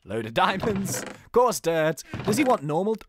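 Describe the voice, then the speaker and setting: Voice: medium pitch, big pitch swings, moderate pace, hardly any pauses. A video game host giving chatty, self-mocking let's play commentary with lots of laughs.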